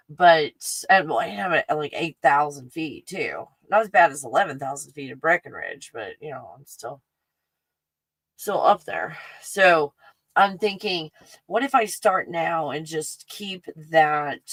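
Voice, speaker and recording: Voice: mid-range voice, fairly bright tone, no room sound, rough recording. A livestream host at home, chatting in a scattered, casual way, laughing often and talking to a puppy between thoughts. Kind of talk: casual rambling livestream chat.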